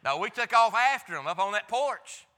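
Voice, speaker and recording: A man's voice: high voice, sing-song, normal speed, bright, forceful tone, long reverb tail. A pastor preaching a sermon, telling a folksy, emphatic story from his own life. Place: church.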